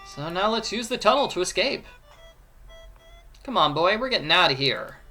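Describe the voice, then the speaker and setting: A let's play commentator gives a playful adventure game walkthrough, explaining every step while joking and doing voices. His high voice is sing-song, bright and forceful, at normal speed. Soft music plays in the background.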